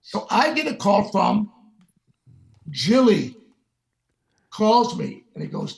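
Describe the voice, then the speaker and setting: A man's voice: high-pitched, a little slow, vocal fry, pauses often. An older man, a guest musician, telling stories in a sit-down interview and acting out the voices of the people in them. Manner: animated, acts out the voices of the people in his stories.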